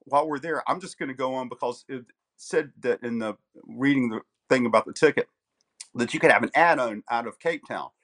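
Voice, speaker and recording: A man in his sixties, a podcast guest, telling his story in a polite, measured way. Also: medium pitch, a bit bright. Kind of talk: casual podcast interview.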